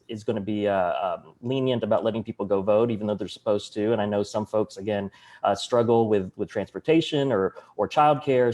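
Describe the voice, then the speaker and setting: A man with a Southern US accent talks in a fairly low voice, earnest and eager. He is a panelist on a video call and walks through figures with small restarts. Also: darkish tone. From Arkansas, US. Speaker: panelist, county election official. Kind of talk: online panel discussion.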